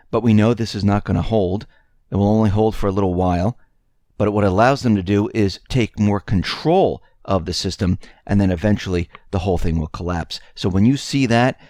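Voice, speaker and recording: Guy with a lowish voice doing a solo economy news rant, emphatic and warning, real dry close sound. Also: a little mellow, dry recording. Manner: emphatic, building warnings with rhetorical questions. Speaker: economic news show host. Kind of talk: solo scripted-feel commentary monologue.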